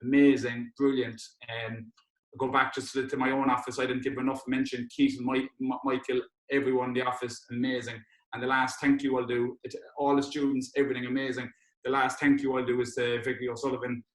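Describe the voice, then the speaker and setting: A young man from hosts an awards evening and thanks people one after another, full of restarts and fillers. His voice is flat in pitch and his words come quickly. The room around him sounds roomy and echoing. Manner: heartfelt, rambling, many restarts and fillers. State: tearful. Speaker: students' union president hosting an awards event. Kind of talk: emotional thank-you speech on a video call.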